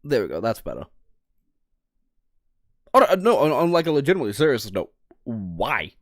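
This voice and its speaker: A man from the North of England with a Northern English accent, casually chatting on a livestream. He swears freely, laughs often and jumps into high-pitched outbursts. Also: big pitch swings, moderate pace, dry recording, studio quality. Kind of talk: casual livestream chat, reading and reacting to chat.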